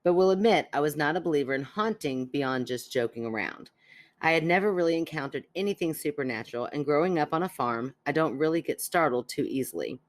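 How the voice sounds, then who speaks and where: A woman's voice: low-pitched, expressive, fast. A woman co-hosting a podcast, chatting casually and cold-reading a listener's letter aloud, laughing easily and teasing.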